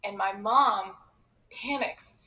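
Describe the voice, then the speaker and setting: A comedian from Iran telling a personal story with expressive, quick comic timing. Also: female voice, medium pitch, rough recording.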